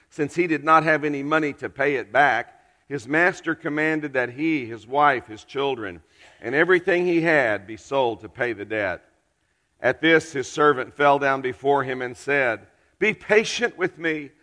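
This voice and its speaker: Male preacher, earnest storyteller with dramatic pauses, bright tone, long church-hall reverb. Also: medium pitch. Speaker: pastor. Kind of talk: storytelling sermon.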